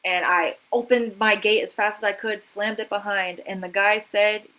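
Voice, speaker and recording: Woman, interview guest, vivid dramatic storytelling, middle pitch. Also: fairly even intonation, moderate pace, hardly any pauses, sharp tone, low-quality recording. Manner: vivid, dramatic retelling with quoted inner voices. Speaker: guest, artist and author.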